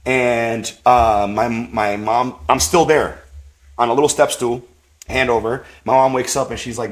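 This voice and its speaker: A man, a podcast guest, tells a personal faith story in a rambling, animated way, with lots of fillers and acted-out quotes. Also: mid-range voice, a little slow. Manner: rambling, full of "like" and "you know"; animated, acts out quoted voices.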